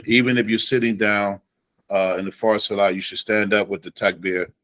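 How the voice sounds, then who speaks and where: A man teaching an Islamic studies class in a relaxed way, slowing down to demonstrate Arabic phrases. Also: fairly low pitch, dry recording, low-quality recording.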